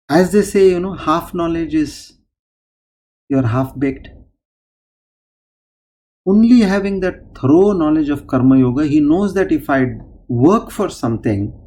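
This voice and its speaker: A man telling a teaching story in an unhurried, explanatory spiritual discourse. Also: a little high, warm tone. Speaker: spiritual speaker.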